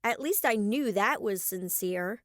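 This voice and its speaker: A woman narrating a first-person young adult novel as an audiobook, clear and expressive on a close mic. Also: medium pitch, unhurried, no room sound.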